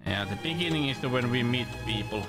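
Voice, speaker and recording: A man's voice: mid-range voice, animated, a little fast. A male streamer giving casual, rambling commentary while playing a game. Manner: musing, rambling asides. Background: game music.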